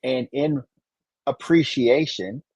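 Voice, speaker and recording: A man's voice: mid-range voice, takes it slowly, a little mellow, husky, no echo, muffled recording. A man from the Great Lakes region who performs as Santa, chatting casually and telling stories to explain a point. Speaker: Santa performer and podcast co-host. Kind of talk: casual conversational chat.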